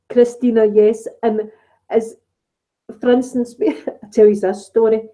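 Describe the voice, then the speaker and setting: A woman's voice: a little high, steady tone, slow pace, warm tone, poor audio. A middle-aged woman with a Scottish accent, hosting a casual live-stream chat on her ASMR channel and telling stories with frequent laughs. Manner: chatty storytelling, frequent laughs.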